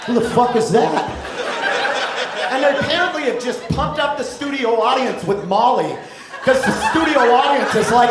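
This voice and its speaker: A man doing a stand-up set in a theater, loud and mocking, swearing and acting out voices. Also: very high-pitched, normal speed. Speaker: stand-up comedian. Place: theater stage before a live audience. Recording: echoey live theater recording with noise.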